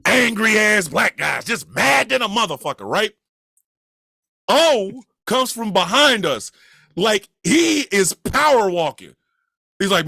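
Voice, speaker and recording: A high-pitched man from Kansas City tells a profane comedic story, his voice swinging widely up and down. His tone is bright and forceful as he acts out each person's lines, now and then shouting. The sound is dry and close, with almost no room echo. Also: very animated, normal speed, vocal fry. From Kansas City, USA. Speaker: podcast storyteller.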